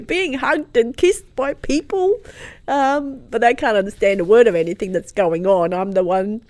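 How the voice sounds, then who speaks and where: Interview guest: woman, mid-pitched, dry close sound, animated storyteller. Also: no room sound. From Croatia. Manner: lively storyteller, swings from hushed to loud and laughing. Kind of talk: telling a personal story in an interview.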